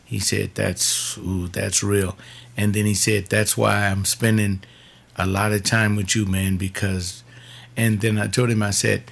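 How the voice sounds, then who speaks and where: A man speaking in church, telling a story in a measured way with fillers and repeats. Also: on the low side, flat delivery, creaky, a bit bright. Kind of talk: sermon-style reflection.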